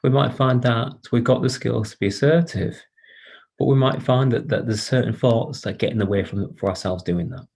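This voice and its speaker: A man presenting an online workshop for carers over a video call, speaking in a gentle, inviting way with frequent hesitations and restarts. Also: medium pitch, normal speed, gravelly, slightly rough.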